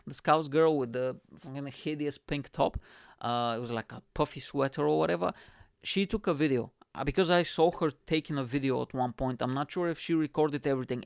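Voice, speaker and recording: A man's voice: medium pitch, clean tone, dry recording, studio quality. A man hosting his own podcast, a stand-up comedian telling a rambling story in a chatty way, swearing freely and calling listeners "mate". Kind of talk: casual storytelling monologue.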